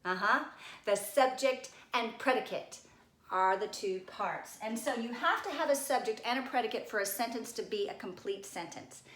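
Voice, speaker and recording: A woman's voice: fairly high pitch, moderate pace, a bit bright, roomy sound. A woman teacher giving a recorded grammar lesson, coaxing and addressing her class directly.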